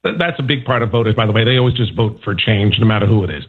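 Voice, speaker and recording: A man's voice: on the low side, rapid-fire, slightly rough. A man, a national correspondent, talking through politics on a morning radio news show in a conversational way with many fillers and restarts. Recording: tinny phone line.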